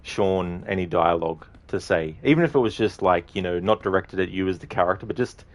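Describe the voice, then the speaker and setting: A man with a very low voice talks through a game in a loose, rambling commentary. He laughs often and swears offhandedly as he muses. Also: a little fast. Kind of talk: casual gameplay commentary.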